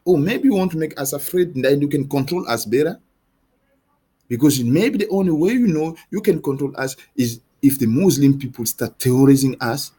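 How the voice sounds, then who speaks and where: Husky, high-pitched man in a heated rant. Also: mellow. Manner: heated, pleading, repetitive questioning; halting restarts and repeated words. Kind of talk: impassioned monologue to camera.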